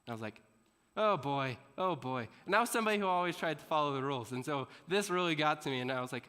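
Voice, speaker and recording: A man with a fairly high, bright, forceful voice gives a motivational talk to students, telling a story with animation and often asking questions of the audience. His voice rings with a long reverb, as if it were filling a large school hall. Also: animated, fast talker, clean tone. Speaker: motivational speaker.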